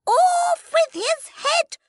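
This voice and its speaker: A woman's voice: very high-pitched, very animated, slow, a bit bright, no echo, clean studio sound, pitched above the performer's own voice, full character voice. A woman voicing a furious, tyrannical queen who screams orders in a storybook reading. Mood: furious shouting. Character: furious shrieking adult female queen, tyrannical.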